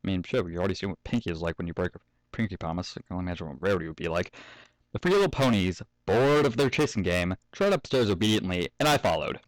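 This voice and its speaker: With a low voice, lively intonation and a quick pace, a young man reads fanfic aloud at home and keeps stepping away from the text to joke, swear and laugh. It's a dry, low-quality recording.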